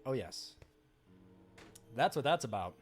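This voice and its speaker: A man talking loosely over a live game stream. His voice sits at an ordinary middle pitch, and he drifts from topic to topic, candid and a little bitter. Faint game music runs quietly behind him. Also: very animated, measured pace. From United States. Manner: rambling, candid, bitter and sarcastic asides. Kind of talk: casual live-stream chat.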